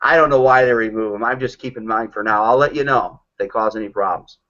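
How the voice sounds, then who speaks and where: A man's voice: lowish voice, fast, a bit bright. Joking man telling stories on a lo-fi call. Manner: joking storyteller acting out quotes. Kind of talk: casual chat on a group call. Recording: dull lo-fi call audio.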